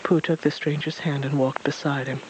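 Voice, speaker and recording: A man reading a storybook aloud in a gentle, even voice. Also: a little high, normal speed, a little hiss or hum, rough recording.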